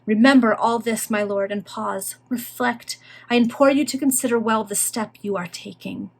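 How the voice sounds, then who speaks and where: A woman reading aloud gives a tremulous young noblewoman, pleading in impassioned, formal old-fashioned phrases. The voice is fairly high. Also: fairly even intonation, normal speed, gravelly. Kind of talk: reading a Victorian novel aloud.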